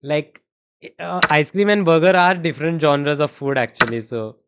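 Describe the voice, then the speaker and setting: A man's voice: fairly high pitch, expressive, normal speed, noisy background. A young man with an Indian accent, streaming chess and thinking aloud through variations while he answers chat in a casual way. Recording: dull, muffled stream audio.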